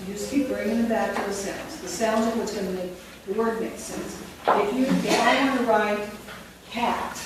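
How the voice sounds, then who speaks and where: Woman teacher trainer in an echoey room. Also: medium pitch. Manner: demonstrative, models a classroom teacher with the adults. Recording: echoey room from far off with noise.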